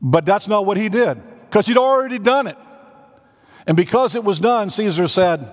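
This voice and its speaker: A man, preaching a sermon as pastor with dramatic pauses and emphatic rising declarations, in a church sanctuary. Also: high voice, expressive. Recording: reverberant church hall.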